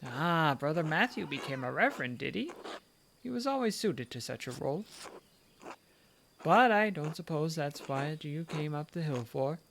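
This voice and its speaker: A gentle elderly nun speaks in a British voice with a slight cockney twist, as a man puts her on. She is kindly and a little sly. The tone is coaxing, and a faint hiss sits behind the voice. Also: a little high, expressive, normal speed, vocal fry. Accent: put-on British, a little cockney. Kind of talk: reading game dialogue aloud.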